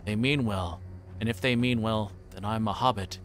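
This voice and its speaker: Brief: man playing a fussy, stammering middle-aged innkeeper for a storybook reading, lowish voice. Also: moderate pace, fairly bright tone, soft background music, lightly acted. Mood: grumbling. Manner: flustered, stammering.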